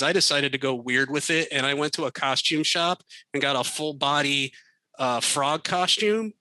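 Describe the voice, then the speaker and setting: A middle-aged American man tells casual stories as a guest on a podcast, laughing as he goes. His voice is very bright and sits a little high. The recording is close and dry. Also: dry recording, poor audio. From United States. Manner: animated, laughing storyteller. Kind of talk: casual storytelling.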